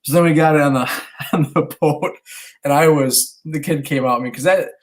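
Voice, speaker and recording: Brief: man in his thirties, animated storyteller, casual swearing, acts out the dialogue. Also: a little high, moderate pace. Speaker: podcast co-host, stay-at-home dad.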